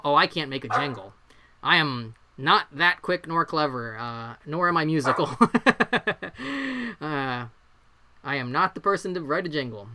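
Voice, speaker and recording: Forty-something streamer, casual bedroom chat, self-deprecating, laughs a lot, music under it. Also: mid-range voice. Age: 40s. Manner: chatty, self-deprecating, swears freely, laughs often.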